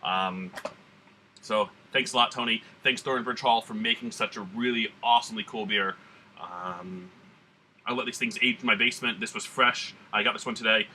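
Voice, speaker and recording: A man's voice: on the low side, normal speed, pushed and bright, slight background noise. A man from the United States hosting a casual beer-tasting vlog in a put-on American Southern drawl, rambling and laid-back with slang. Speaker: beer reviewer.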